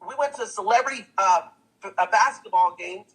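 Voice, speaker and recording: Man, high husky voice, excitable motivational testimonial, repeats himself, talks straight to camera. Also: a little fast, low-quality recording. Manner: hyped, repetitive, preachy, says "guys" and "guess what" a lot. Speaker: testimonial speaker.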